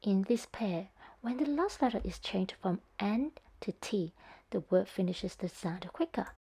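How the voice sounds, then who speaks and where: A woman's voice: mid-range voice, expressive, a little slow, mellow, slightly rough. A woman narrating a scripted language lesson, speaking carefully and demonstrating tones one by one. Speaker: Cantonese teacher.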